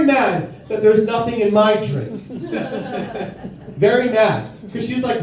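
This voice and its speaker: A man's voice: high-pitched, expressive, moderate pace, a little mellow, heavy reverb. A young adult man doing a brash, profane stand-up set in a bar, recorded live from a distance. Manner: brash, profane, self-mocking. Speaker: stand-up comedian. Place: bar comedy stage with live audience.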